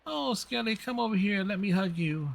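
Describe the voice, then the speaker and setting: A doting old grandmother, soft and soothing, as a man puts her on while reading a game. Her voice is gentle and a little high. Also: animated, normal speed, creaky, dry recording, heavily acted.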